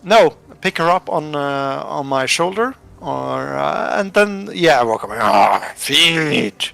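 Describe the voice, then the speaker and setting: A man playing a tabletop game who talks in a halting, casual way, laughing often. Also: on the high side, lively intonation, vocal fry, fairly bright tone, smooth, faint music behind. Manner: halting, laughing, many fillers. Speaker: player.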